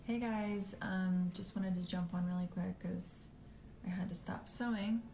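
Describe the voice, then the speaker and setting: A woman talking casually to camera in a hesitant, calm way as a mother. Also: medium pitch, a little slow, vocal fry, roomy sound, a little hiss or hum, poor audio. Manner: hesitant, calm talk with fillers. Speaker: mother filming a social video.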